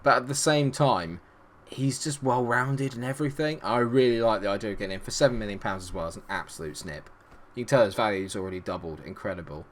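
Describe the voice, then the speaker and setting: A man giving chatty, excitable commentary on a management game, full of rambling asides. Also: fairly low pitch, fast talker. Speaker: gaming YouTuber.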